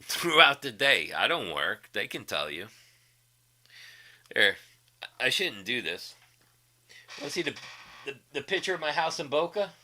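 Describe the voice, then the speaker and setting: A man's voice: mid-range voice, big pitch swings, measured pace, pauses often, bright, forceful tone. A man hosting a casual livestream, profanely mocking a rival with frequent laughter. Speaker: livestream host.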